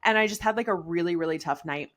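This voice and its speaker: A young pregnant woman co-hosts a podcast, chatting casually in a fairly low, slightly bright voice and talking fast. She's chatty, laughs often, and says "like" a lot.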